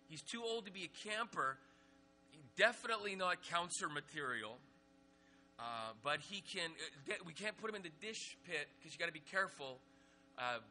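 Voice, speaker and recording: A middle-aged man giving a humorous sermon, telling lively stories with loose fillers and restarts. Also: fairly high pitch. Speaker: pastor.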